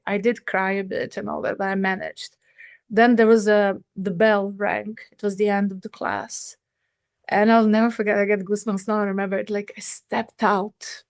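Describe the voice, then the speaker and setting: A woman's voice: mid-range voice, darkish tone, dry recording, clean studio sound. Earnest woman telling a personal story. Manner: earnest, halting, with many fillers and restarts. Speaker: podcast guest.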